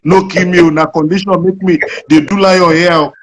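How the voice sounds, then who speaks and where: A man's voice: sits high, fairly even intonation, a little fast. A man with a Nigerian accent voicing a male lion who whispers a plea not to be harmed. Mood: pleading. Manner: hushed, pleading. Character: pleading male lion, secretly a fellow Nigerian.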